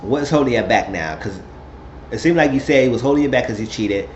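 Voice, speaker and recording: A man tells the story of a reality episode in a loose, gossipy way. His voice sits at an ordinary pitch. The recording sounds roomy and a bit dull, with a faint hiss underneath. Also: lively intonation, fairly quick. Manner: chatty storytelling, puts on high voices quoting people. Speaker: recap vlogger. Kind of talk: casual reality-show recap.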